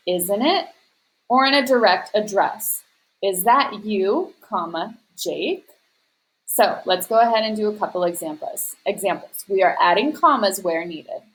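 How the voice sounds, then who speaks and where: A woman's voice: mid-range voice, a bit bright, low-quality recording. A woman teacher walking students through a grammar worksheet, explaining patiently step by step and speaking directly to her class. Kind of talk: recorded class lesson.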